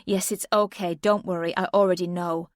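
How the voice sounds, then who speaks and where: A woman's voice: lowish voice, fairly even intonation, moderate pace, no echo, studio quality, lightly acted. A woman voicing the narrator's own character, a bitter, defiant wife speaking stonily. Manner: cold, stony and challenging.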